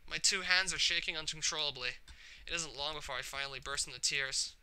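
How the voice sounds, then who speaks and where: A man's voice: on the high side, a little fast, pushed and bright, clean tone. A man reading as Yuri, a tormented teenage girl. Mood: anguished. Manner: emotional, voice rising to cries. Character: troubled shy teenage girl, anxious, brooding. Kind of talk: reading a visual novel aloud.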